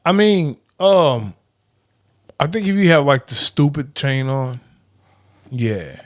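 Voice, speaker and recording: A man's voice: medium pitch, lively intonation, slow pace. A man co-hosting a podcast in casual chat, teasing and joking with the others. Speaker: podcast co-host.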